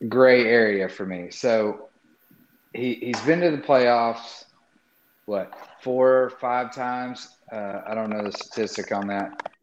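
A man co-hosting a sports talk show, blunt and hesitant, pausing often with ums. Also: mid-range voice. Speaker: co-host. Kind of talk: casual sports chat. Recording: roomy, muffled mic.

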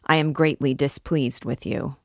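A stern, icy archdeacon, as a woman reads him aloud, cold and severe in every measured word. The voice sits low and close, with a dry, dead sound around it. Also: fairly even intonation, darkish tone, dry recording. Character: stern, icy middle-aged male archdeacon.

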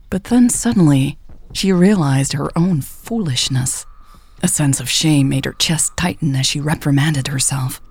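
A woman narrating a romance audiobook in a soft, often whispery delivery. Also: low-pitched, vocal fry, breathy edge. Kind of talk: scripted narration.

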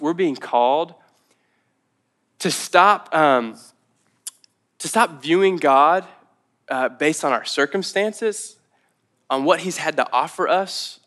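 A young man preaching a sermon as pastor, telling a personal story in an animated, conversational way. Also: a little high. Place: church.

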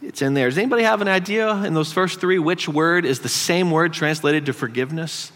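High-voiced pastor preaching in a reverberant hall. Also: male voice, fairly quick, fairly bright tone. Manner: conversational preaching, teasing the congregation. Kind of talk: sermon. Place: church sanctuary.

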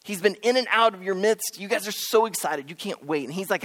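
A man preaching a sermon, retelling a story to the listeners as if they were there. He tells it dramatically and drops to a hush at the solemn moments. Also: sits high, a little fast, in a large hall.

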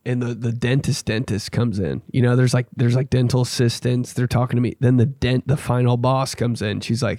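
A young podcast host speaks briskly with few pauses, his mid-range voice dark and fairly even in intonation. He rambles through casual stories and acts out the people in them. The clean studio audio has no echo.

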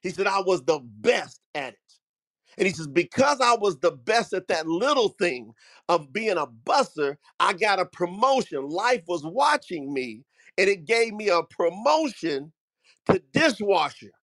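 A man's voice: high voice, sing-song, unhurried, fairly bright tone. A middle-aged man hosting a talk, telling a story with emphatic, preacher-like energy and calling his listeners family. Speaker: host. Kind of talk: motivational storytelling.

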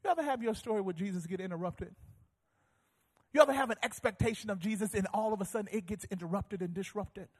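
A man preaching a sermon as pastor, telling stories with animation and building to fervent shouting. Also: sits high, fast talker, slightly rough, in a large hall.

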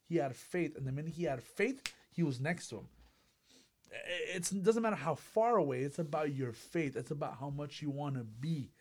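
A man in casual faith talk, animated and acting out quotes in lively voices as a co-host. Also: a little high, normal speed. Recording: faint music behind.

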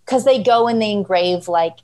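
Animated woman telling a funny story. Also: medium pitch, moderate pace, a little hiss or hum, low-quality recording. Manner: animated storyteller, acts out quoted voices, laughs a lot. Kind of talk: casual chat.

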